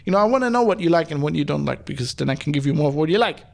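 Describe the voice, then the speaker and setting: A man hosts his podcast alone, his throat hoarse from hay fever. His voice sits slightly high and gravelly. He rambles through listener mail in a loose, profane way, full of ums and restarts. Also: expressive, racing. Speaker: podcast host. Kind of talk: casual solo podcast, reading listener mail. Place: at home, lives in Germany.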